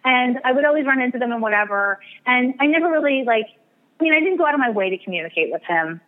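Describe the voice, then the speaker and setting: A woman's voice: high-pitched, expressive, fast talker. A woman, an astrologer and medium, telling a rambling, self-deprecating story in a casual interview. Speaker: astrologer and psychic medium guest. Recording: tinny phone-like radio line.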